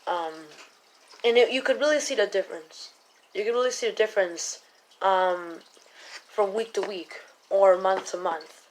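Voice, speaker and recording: A woman's voice: medium pitch, normal speed, a little hiss or hum, low-quality recording. Rambling, self-correcting female vlogger. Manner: rambling, keeps correcting herself, many fillers. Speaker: political vlogger. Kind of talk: casual commentary to camera.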